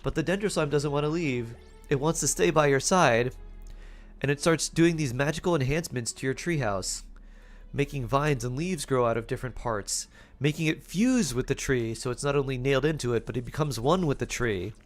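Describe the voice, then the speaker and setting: A man's voice: mid-range voice, normal speed, faint music behind. A man streaming live, improvising playful fortune-telling stories and laughing often.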